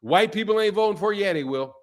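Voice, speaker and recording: A man with a slightly high voice hosts a live stream, talking loosely and joking with his viewers. He laughs often and answers comments as they come in, in an easygoing, casual way. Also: animated, fast. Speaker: live-stream host reading chat.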